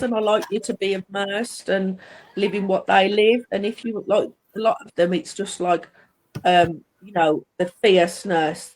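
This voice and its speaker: A woman's voice: medium pitch, darkish tone, slight background noise, poor audio. Enthusiastic woman author, rambling. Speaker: author guest. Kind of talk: casual chat.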